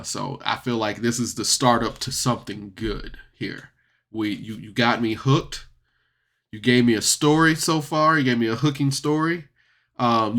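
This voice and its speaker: A man's voice: medium pitch, bright, forceful tone. A man giving a casual, rambling solo podcast review, chatty and laughing often.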